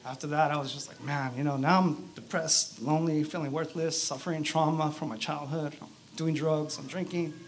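A man giving his personal testimony at an outdoor church service, speaking in an earnest, halting way with many fillers. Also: fairly high pitch, fairly even intonation, slight background noise. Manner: halting, earnest, frequent "you know" fillers.

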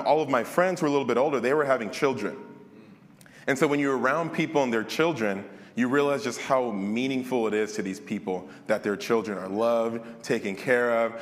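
A man's voice: medium pitch, in a large hall. A young adult man preaching a sermon and telling a personal story in a candid, conversational way.

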